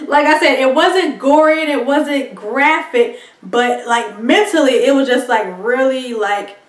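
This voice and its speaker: A woman with a fairly high voice gives a loose, rambling film review, stumbling through restarts and breaking into laughter. She sits back from the mic in an echoey room. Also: measured pace, few pauses, distant mic. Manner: chatty, rambling, laughs often, lots of ums and likes. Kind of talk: casual movie review monologue.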